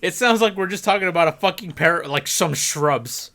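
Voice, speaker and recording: A man's voice: high voice, normal speed, noisy background. A man co-hosting a podcast, tossing in jokey asides during casual chat. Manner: wisecracking, deadpan jokes. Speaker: podcast co-host.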